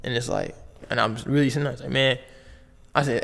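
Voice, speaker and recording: Gravelly young man telling stories. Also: medium pitch, quick pace. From Las Vegas, United States. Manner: slangy, animated retelling with frequent "like" and "bro". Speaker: podcast guest. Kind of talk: casual storytelling. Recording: long reverb on the voice.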